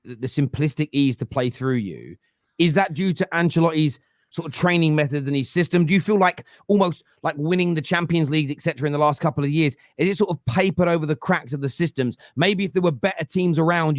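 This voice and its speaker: A man's voice: a little high, brisk, no room sound, studio quality. A man hosting a football podcast, asking long probing questions. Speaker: podcast host. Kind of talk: podcast chat.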